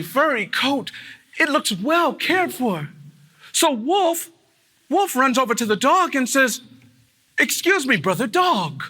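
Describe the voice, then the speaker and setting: A man telling a fable live to an audience of students in an arts center, animated, with dramatic pauses and chanted call-and-response refrains. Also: very high voice. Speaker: storyteller.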